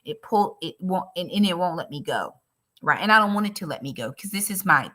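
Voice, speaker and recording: A woman's voice: lowish voice, expressive, a little fast, sharp tone. A woman chatting casually on a budgeting live stream, earnest, speaking straight to her viewers and emotional about her faith.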